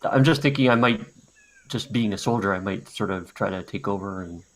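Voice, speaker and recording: A man's voice: lowish voice, a little fast, fairly bright tone. A man playing in an online tabletop game, thinking aloud hesitantly with many fillers. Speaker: player. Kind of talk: casual online game chat.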